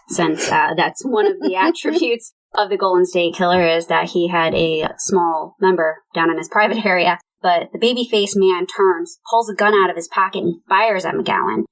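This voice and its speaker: A woman's voice: lowish voice, normal speed, hardly any pauses, a bit bright, low-quality recording. Woman co-host retelling a true crime case. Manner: retells case events with quoted dialogue. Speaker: podcast co-host. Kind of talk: true crime book discussion.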